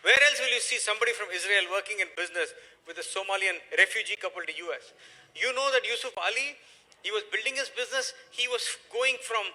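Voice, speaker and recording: Emphatic, bright-voiced man. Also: high voice, low-quality recording. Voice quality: emphatic, preachy, swings between loud and hushed. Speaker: motivational speaker. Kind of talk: motivational business talk.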